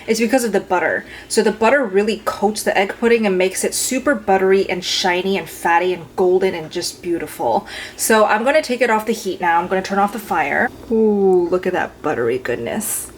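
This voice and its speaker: A woman's voice: mid-range voice, a little hiss or hum. A woman food vlogger talking casually to her viewers while cooking, gushing about her food, in a home kitchen on a handheld phone camera.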